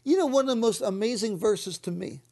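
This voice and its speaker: Fervent preacher woman with a gravelly voice. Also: fairly high pitch, a little fast. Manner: fervent, repeats words, drops to soft whispers on key lines. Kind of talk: sermon.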